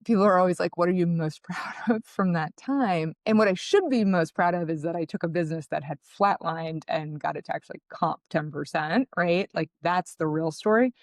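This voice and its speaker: A woman founder being interviewed, telling her story in a lively, conversational way and acting out what people said. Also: on the low side, moderate pace, few pauses, dry recording. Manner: animated, conversational, acts out quotes. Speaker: guest, founder.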